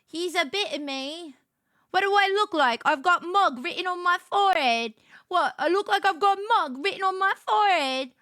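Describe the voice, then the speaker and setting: A woman's voice: very high-pitched, moderate pace, sharp tone, dry recording, clean studio sound, pitched above the performer's own voice. A woman putting on an exaggerated mock-British voice as a cheeky young woman, sing-song and giggly, in a joking livestream impression.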